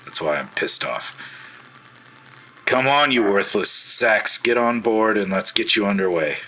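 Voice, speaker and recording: A man's voice: a bass voice, fairly even intonation, normal speed, pushed and bright, slightly rough, heavily acted, low-quality recording. A man voicing a disguised male ship captain who gives curt commands. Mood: bossy.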